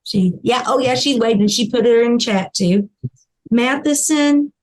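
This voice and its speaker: A woman taking the roll at a council meeting, reading names in a deliberate way. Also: fairly high pitch, rough recording. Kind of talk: roll call.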